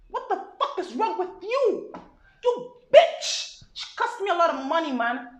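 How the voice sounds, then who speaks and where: A woman's voice: high-pitched, pitched above the performer's own voice, heavily acted. Woman mimicking a brash guy faking American. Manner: loud, cursing, tacks "you know" onto everything. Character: brash young Nigerian man faking American swagger. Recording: roomy with music behind.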